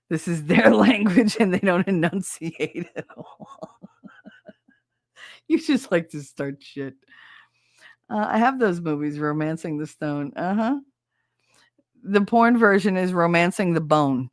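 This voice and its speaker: A brash woman with a lowish voice hosts a casual livestream chat and swears freely. The sound is dry and close, with no room around it. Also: dry recording. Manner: brash, swearing, laughing, mimics accents. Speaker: podcast host reading chat.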